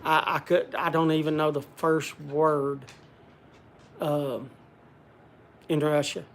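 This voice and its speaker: A man's voice: fairly high pitch, flat delivery, slow pace, slight background noise. Folksy older man rambling on a livestream. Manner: rambling, reads viewer comments aloud and answers them; folksy country way of talking. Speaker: livestream host. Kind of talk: casual livestream chat.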